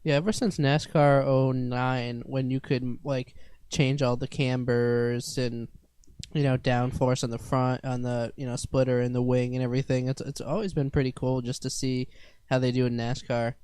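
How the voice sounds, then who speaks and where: A young man co-hosting a casual chat, dropping deadpan jokes. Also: mid-range voice, normal speed, clear, resonant tone, no room sound. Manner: joking, deadpan asides. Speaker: podcast co-host.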